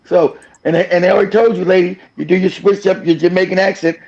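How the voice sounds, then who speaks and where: A man's voice: high-pitched, level tone, fast, darkish tone. A man hosting a streamed reaction show, speaking bluntly and profanely and laughing often. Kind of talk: reaction commentary. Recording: dull lo-fi stream audio.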